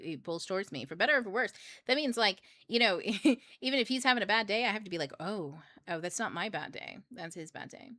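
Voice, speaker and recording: A woman's voice: mid-range voice, sharp tone, no room sound, clean studio sound. A young adult woman hosting a book club, talking casually and reflectively, laughing often and acting out her own thoughts.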